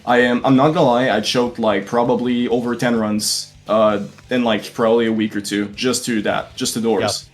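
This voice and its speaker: A young man telling how his race went in a casual interview, animated and swearing freely. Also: mid-range voice, normal speed, hardly any pauses, faint music behind. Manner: animated storytelling, heavy swearing. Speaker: tournament competitor being interviewed.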